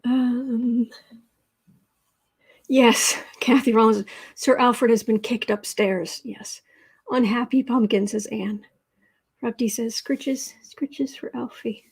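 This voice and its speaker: This tarot reader and livestream host has a slightly rough voice on the high side, steady in tone and slow in pace. She chats casually, reads out comments from viewers, and softly coos to her pet cat between readings.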